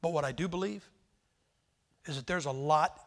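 An American man preaching a sermon, telling stories with lively emphasis and sudden swings between loud and quiet. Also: fairly high pitch, normal speed. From United States. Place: church hall with a crowd. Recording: long reverb from a large hall.

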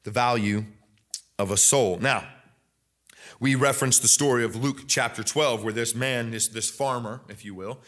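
A young adult man with an American Midwest accent preaching a sermon in a church, rising higher and louder at the climaxes. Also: moderate pace. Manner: emphatic preaching, rising loud and high at climaxes. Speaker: pastor.

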